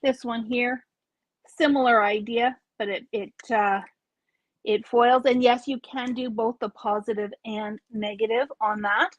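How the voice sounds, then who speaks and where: Chatty higher-voiced woman showing craft products. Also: fairly even intonation, measured pace, dry recording, muffled recording. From Canada. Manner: chatty, explanatory, self-correcting. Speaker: craft store host. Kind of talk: live product showcase.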